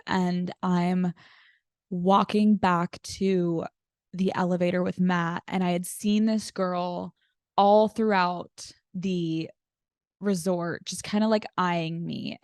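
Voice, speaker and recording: Woman guest on a podcast, lowish voice, super dry close mic, tells stories and does little voices for people. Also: no echo. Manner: animated storyteller acting out quotes. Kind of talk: casual chat.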